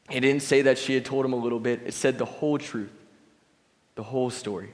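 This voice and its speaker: Young man, sermon, conversational preaching, middle-pitched voice, long hall reverb. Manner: conversational, reads scripture aloud, acts out voices briefly. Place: church hall.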